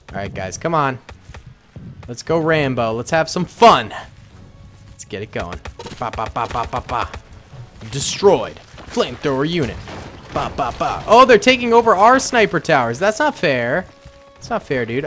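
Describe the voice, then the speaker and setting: Excitable male game commentator. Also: medium pitch. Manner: excitable, chatty, cheers on units. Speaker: gameplay commentator.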